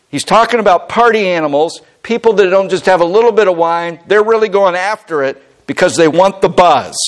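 A middle-aged man preaching a sermon as pastor, emphatic and animated, often acting out the people he quotes. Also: a little high.

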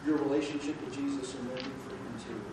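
A preacher giving a sermon, swinging from hushed, low pleading to loud, rising exhortation, full of emphatic rhetorical questions to the congregation. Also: little pitch movement, fast. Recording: very echoey hall, distant mic, background noise.

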